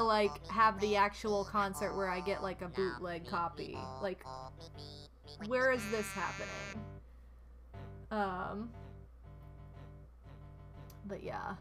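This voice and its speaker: A woman streamer chatting casually while she plays, rambling with lots of "like" and gushing thanks to donors. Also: medium pitch. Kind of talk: casual gameplay chat. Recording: music playing behind.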